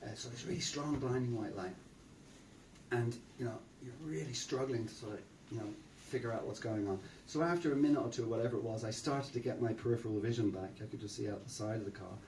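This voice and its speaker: An older Irish preacher gives a chatty storytelling talk in a temple hall, fast-talking and full of fillers and repetition. His mid-range voice has a darkish tone, and the distant mic makes the recording roomy with a little hiss or hum.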